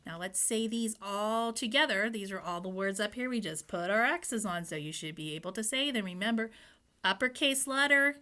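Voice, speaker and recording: A woman's voice: mid-range voice, normal speed, sharp tone. A woman teacher giving a phonics lesson to young children. She sounds out letters and words patiently and asks the children questions. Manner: speaks to the children, asking questions and prompting answers.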